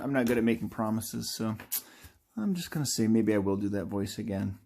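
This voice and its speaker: A man's voice: on the low side, lively intonation, a little fast, gravelly, warm tone, slight background noise. A man hosting a live drawing video, chatting casually in a rambling, playful way that keeps correcting itself. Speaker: artist and video host.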